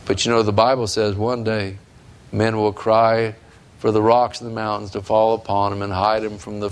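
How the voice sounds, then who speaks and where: A man's voice: fairly low pitch, creaky, a little hiss or hum. A man preaching a sermon in a fervent, emphatic way that builds in intensity.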